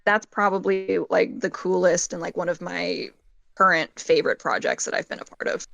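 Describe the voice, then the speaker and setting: A woman's voice: lowish voice, steady tone, normal speed, gravelly, fairly bright tone, no echo, highs cut off. A woman, a makeup and effects artist, talking casually in an interview and saying "like" a lot. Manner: chatty, heavy use of "like".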